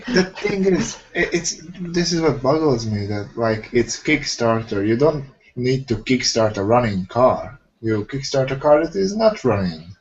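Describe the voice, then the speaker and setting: A man in casual chat talks slowly but with a lively, swooping pitch, making jokey points. The recording is dull and lo-fi. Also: a little hiss or hum. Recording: dull lo-fi podcast audio.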